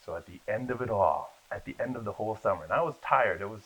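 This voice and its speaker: A man telling lively stories about his acting career in a casual interview, acting out the people in them. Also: lowish voice, fast talker, breathy edge. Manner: animated storyteller, acts out voices in his anecdotes. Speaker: guest, actor. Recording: dull lo-fi sound.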